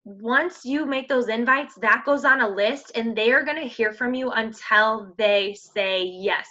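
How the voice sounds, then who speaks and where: A woman's voice: a little high, sharp tone, dull audio. A woman coaching her fitness team in an emphatic, slangy pep talk. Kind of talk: motivational team call.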